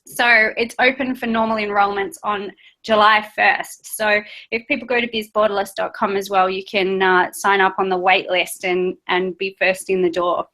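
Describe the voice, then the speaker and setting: Bright upbeat Australian woman. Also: mid-range voice, level tone, normal speed. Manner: upbeat, enthusiastic self-promotion. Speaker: guest, business and travel coach. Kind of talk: casual interview chat.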